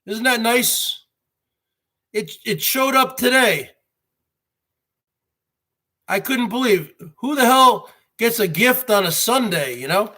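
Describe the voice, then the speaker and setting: Boastful jersey guy rambling on his live stream, talks slow and kinda high. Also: lively intonation, sharp tone. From New Jersey. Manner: boastful, repeats "folks" and "bottom line"; greets viewers by name.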